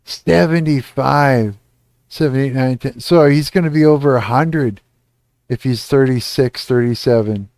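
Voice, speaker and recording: A man's voice: mid-range voice, darkish tone, no room sound, studio quality. A man hosting a live stream, reacting crudely and casually to a crime video. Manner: slow, crude, laughing reactions.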